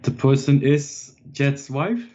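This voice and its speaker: A player questions someone in character at a tabletop game, speaking slowly and laughing between lines. The voice sits in a middle pitch and comes through a dull, lo-fi microphone. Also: lively intonation, dark tone, a little hiss or hum. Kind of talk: in-character tabletop role-play.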